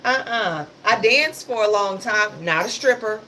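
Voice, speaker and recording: A woman's voice: mid-range voice, expressive, unhurried, pushed and bright, a little hiss or hum. A woman hosting a casual livestream, talking about the news in a passionate, sarcastic and blunt way. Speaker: livestream host.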